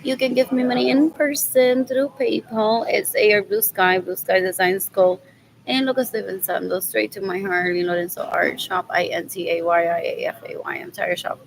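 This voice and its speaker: A woman's voice: mid-range voice, fairly even intonation, normal speed, vocal fry, a little hiss or hum, poor audio. A woman vlogging in a loose, rambling monologue, muttering scornful remarks and repeating the same phrases over and over. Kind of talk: casual rambling monologue to viewers.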